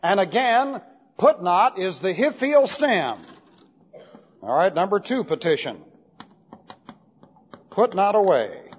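Speaking slowly in a husky voice that sits high and swings widely in pitch, a male pastor works through an expository sermon with long pauses. He explains key terms step by step with emphatic, methodical repetition. The recording is dull and lo-fi, with long hall reverb.

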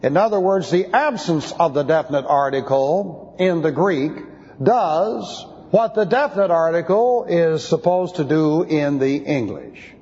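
A pastor teaching a sermon, methodically explaining Greek grammar in a precise, measured way. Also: male voice, a little high, a little mellow. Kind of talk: expository Bible teaching sermon. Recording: dull, lo-fi recording with long hall reverb.

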